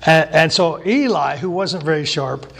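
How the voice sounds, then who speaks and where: A man preaches a relaxed, folksy sermon from the pulpit. His voice sits a little high for a man. He drops into quick voices for the people in the stories and then goes straight back to his own. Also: gravelly, breathy edge. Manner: casual and folksy, acts out biblical characters in quick voices. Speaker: pastor.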